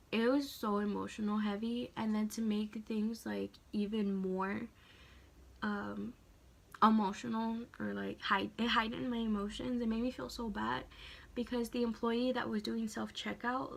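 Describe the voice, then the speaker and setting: A woman's voice: medium pitch, a little slow, vocal fry. A young woman in her late teens telling a personal story in a chatty, emotional way, full of "like.". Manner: chatty, heavy use of "like"; emotional, animated retelling. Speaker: vlogger. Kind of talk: casual story time.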